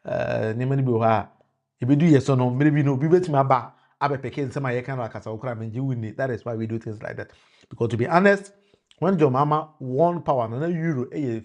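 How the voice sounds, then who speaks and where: A man's voice: mid-range voice, a little mellow. A man with a Ghanaian accent giving political commentary to a live-stream audience, switching between Twi and English, restarting phrases and calling out viewers by name.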